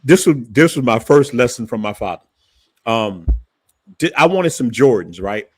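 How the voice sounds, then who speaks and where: A man tells stories in a relaxed chat. His voice is clear and dry, with no room sound. He gets animated and jumps up in pitch when he quotes someone. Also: normal speed, no echo. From New Orleans, Louisiana. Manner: animated storytelling, voice rising when quoting his father. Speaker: channel host. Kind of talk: casual storytelling chat.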